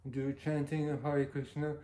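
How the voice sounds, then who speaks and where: A man's voice: on the high side, level tone, moderate pace, mellow. Earnest man telling a story, roomy. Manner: anecdotal, chuckling, earnest. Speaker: devotional speaker. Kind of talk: storytelling talk. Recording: roomy echo.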